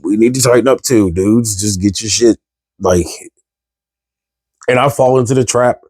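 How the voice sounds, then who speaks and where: A man's voice: lowish voice, normal speed, darkish tone, no echo. Exasperated, cursing man ranting to camera. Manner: exasperated, profane, rhetorical questions. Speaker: vlogger. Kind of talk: candid ranting monologue.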